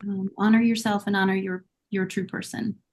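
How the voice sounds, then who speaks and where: A woman speaking as a guest accent coach in a podcast interview, giving measured and encouraging advice. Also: mid-range voice, little pitch movement, a little mellow. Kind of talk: conversational interview answers.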